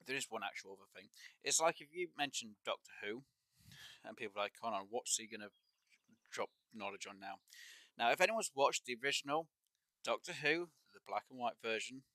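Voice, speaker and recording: A man's voice: mid-range voice, sharp tone, no echo. A man chatting casually and at length while streaming a fishing game, opinionated and rambling with lots of fillers. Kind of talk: casual live-stream chat while gaming.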